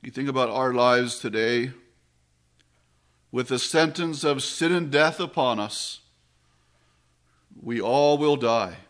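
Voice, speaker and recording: A man preaching a sermon in a slow, measured way, his voice dropping low and soft on solemn phrases.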